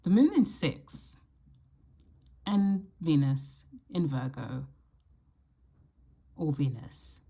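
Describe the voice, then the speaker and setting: A woman hosting her astrology channel, talking casually to camera and thinking aloud in a reflective way, with the odd soft laugh. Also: deep voice, animated, extremely slow, vocal fry, pauses often, slightly rough. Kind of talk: casual solo talk to camera.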